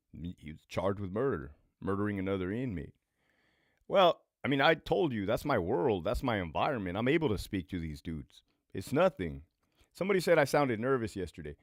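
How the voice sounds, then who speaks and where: Blunt, animated man telling prison stories. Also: on the low side, no room sound, clean studio sound. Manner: profane, blunt, emphatic with repeated phrases. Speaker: former prison lieutenant turned online host. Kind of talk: casual livestream storytelling.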